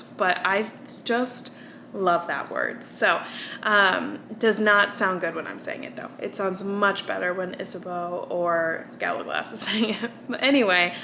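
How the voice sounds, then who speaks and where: A young American woman talks to her vlog camera in a loose, rambling way, full of fillers and restarts. She is tired from little sleep, and her voice sits at an average pitch. Faint noise hums behind her. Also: gravelly, bright, forceful tone. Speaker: vlogger. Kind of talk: casual chat.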